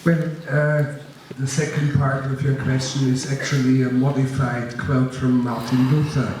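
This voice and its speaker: A man with a German accent giving a master class, telling his story in a slow, deliberate, grave way and answering audience questions. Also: mid-range voice, little pitch movement, darkish tone. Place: large lecture hall. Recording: echoey hall, distant mic, faint noise.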